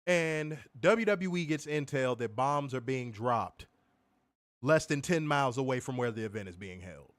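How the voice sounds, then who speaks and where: A man's voice: medium pitch, animated, moderate pace. A man co-hosting a wrestling podcast, ranting heatedly with plenty of profanity in a casual, fired-up way.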